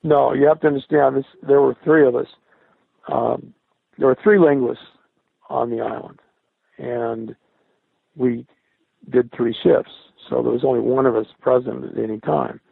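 An older man, a former military radio linguist, recalling his service in a halting interview style, often repeating and restarting words. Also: medium pitch, steady tone, gravelly, husky, no echo. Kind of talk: recollecting in an interview. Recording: dry, tinny phone-like sound.

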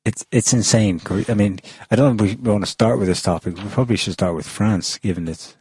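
A man with a low, husky voice hosts a relaxed panel talk. He rambles with ums and restarts. The sound is dry and close. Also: fairly quick, dry recording. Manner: chatty, many ums and restarts. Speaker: podcast host. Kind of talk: casual panel discussion.

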